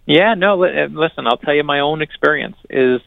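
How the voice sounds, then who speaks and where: Male author guest, energetic and earnest storyteller, gravelly, phone-quality audio. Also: fairly high pitch, dry recording. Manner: earnest, energetic, quick restarts and repetitions. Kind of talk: animated storytelling conversation. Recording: dry, narrow phone-like sound.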